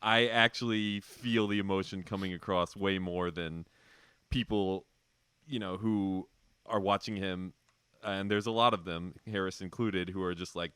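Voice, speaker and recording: A man with a low, smooth voice chats casually as a podcast host. He laughs often and lets his sentences trail off. The sound is dry and close. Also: fairly even intonation, unhurried, fairly bright tone, no room sound. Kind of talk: casual chat.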